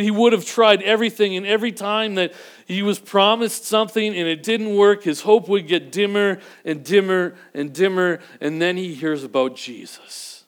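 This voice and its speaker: A man preaching a sermon, earnest and building to emphatic peaks before dropping to a low, quiet delivery. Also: normal speed. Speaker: pastor.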